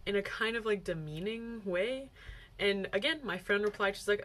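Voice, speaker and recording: A woman's voice: medium pitch, moderate pace, fairly bright tone. A young woman talks straight to her viewers in a loose, chatty way. She leans on "like" and slips into little acted-out quotes as she tells her story. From United States. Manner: chatty, heavy use of "like", acts out quoted lines. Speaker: vlogger. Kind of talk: casual storytelling vlog.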